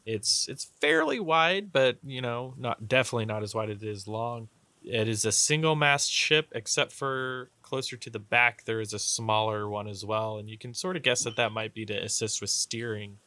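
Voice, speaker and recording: A man's voice: medium pitch, moderate pace, pushed and bright, dry recording. A man narrating as game master in a loose, rambling way. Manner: loose, rambling, many fillers and restarts.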